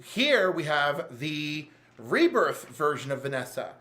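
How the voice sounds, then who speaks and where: A man co-hosting a casual chat about comics, animated and gushing as he recaps stories. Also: on the high side, slow. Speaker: podcast co-host.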